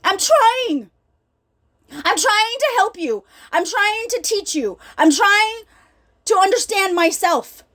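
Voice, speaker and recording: A middle-aged woman with a strikingly high voice gives a heartfelt faith talk. She speaks earnestly and with emphasis, addressing her listeners directly as if they were in the room. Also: lively intonation, slow pace, a bit bright. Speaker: healing ministry speaker.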